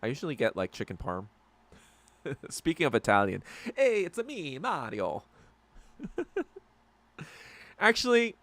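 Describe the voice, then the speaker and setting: Podcast guy ranting on stream, curses a lot, pitch jumps all over, dry close sound. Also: sharp tone, no echo. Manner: profane, rambling and heated. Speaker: podcast host. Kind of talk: casual livestream commentary.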